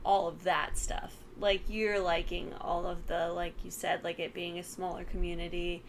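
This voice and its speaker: Lady with a lowish voice chatting through a movie recap, kinda sleepy, faint noise in the room. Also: little pitch movement, normal speed. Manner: chatty, filler-heavy, giggly retelling. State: sleepy, yawning. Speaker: horror film reviewer. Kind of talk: casual chat.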